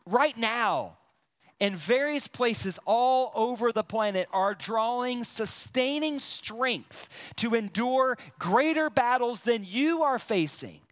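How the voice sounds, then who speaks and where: A male pastor preaches in a slow, deliberate way. His voice sits high for a man and swings widely in pitch. He puts questions straight to his listeners and lands his points with strong emphasis. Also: a bit bright. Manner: emphatic preaching with dramatic pauses, addresses listeners directly. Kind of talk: sermon.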